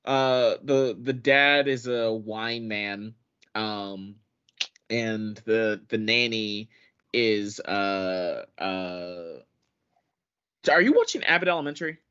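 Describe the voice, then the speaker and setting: A man's voice: fairly low pitch, takes it slowly, bright, forceful tone, clear, resonant tone. A man hosting a podcast in casual chat, blunt and full of hesitant fillers. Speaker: podcast host. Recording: dull lo-fi podcast audio.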